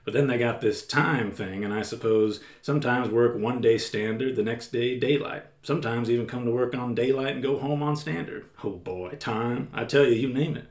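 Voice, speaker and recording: A man's voice: medium pitch, normal speed, few pauses, natural voice. A man putting on an old-timey folksy mill worker. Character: folksy male Oregon mill worker, chatty. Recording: roomy echo.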